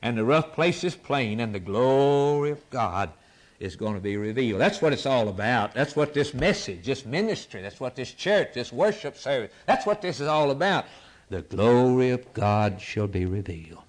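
A man preaching with fervor, his pitch climbing and falling all over the place. He repeats phrases in a driving rhythm, lifting to near-shouts and then sinking to a whisper. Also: lively intonation, moderate pace. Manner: impassioned, rising to near-shouts and dropping to whispers; repetitive, rhythmic preaching cadence. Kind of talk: sermon.

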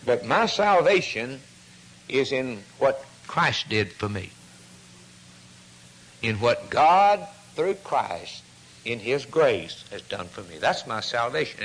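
A man preaching a sermon, fervent and full of rhetorical questions, often dropping to a hushed tone. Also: medium pitch, very animated, takes it slowly, slightly rough, poor audio.

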